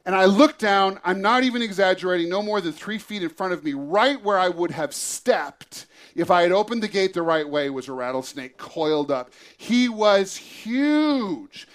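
A man, a pastor, telling a lively personal story in a church sermon and acting out the scene. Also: high-pitched, moderate pace.

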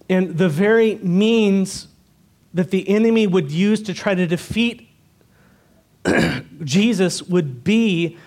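A man's voice: sits high, a little mellow. A man preaching a sermon to his church, earnest and direct, asking the congregation rhetorical questions. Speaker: pastor.

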